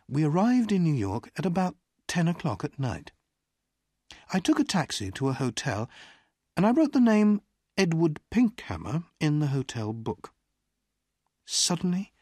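Husky, slow audiobook narrator, dry close mic, lively intonation. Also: mid-range voice, dry recording. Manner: clear, deliberate storytelling. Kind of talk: scripted narration.

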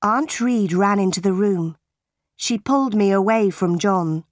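A woman narrating a simplified novel for an audiobook, reading slowly, clearly and deliberately. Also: medium pitch, no echo, studio quality.

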